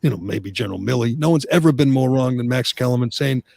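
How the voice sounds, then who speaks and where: A man hosting sports talk radio, opinionated and animated, who keeps tripping over his own words as he rants. His voice is gravelly and husky. The sound is close and dry, with no room in it. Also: mid-range voice, fast talker, no room sound. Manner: animated ranting, frequent restarts. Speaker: talk show host.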